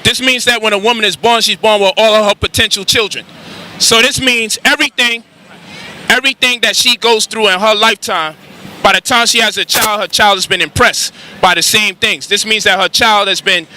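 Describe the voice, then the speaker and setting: Bright-voiced man lecturing on the street. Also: high voice, normal speed, poor audio. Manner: crude, animated, asks the crowd rhetorical questions. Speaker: street speaker. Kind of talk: street lecture with crude banter. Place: outdoors on a city street.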